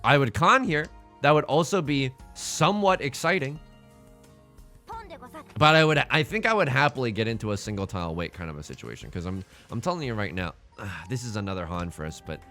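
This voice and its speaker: A man commentating his own game with a joking, theatrical manner, flipping between mock despair and excitement. His bright, forward voice rises and falls widely. Soft music plays underneath. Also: on the low side. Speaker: let's play host.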